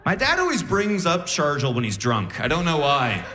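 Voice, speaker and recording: A young man performing stand-up comedy on a club stage, animated and jumping into squeaky voices for punchlines. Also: normal speed. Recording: roomy club sound with crowd laughter.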